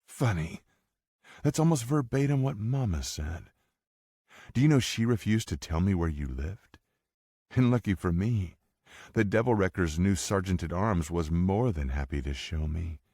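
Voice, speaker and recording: A man's voice: sits low, animated, measured pace, mellow, no echo, clean studio sound, pitched above the performer's own voice, full character voice. A man voicing a bold, scheming woman who talks in a smug, mocking way, reading an audiobook. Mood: smug taunting. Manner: mocking, taunting.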